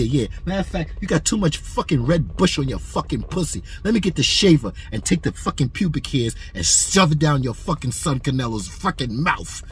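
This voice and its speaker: This boxing commentary host is a man with a fairly high voice, heard over slight background noise. Speaking to camera, he delivers an angry opinion rant that's aggressive, repetitive and full of profanity.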